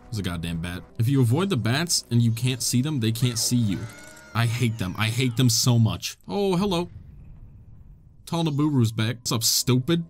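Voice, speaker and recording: A man giving excitable, joking gameplay commentary, laughing often and talking to the characters on screen. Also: medium pitch. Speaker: gamer.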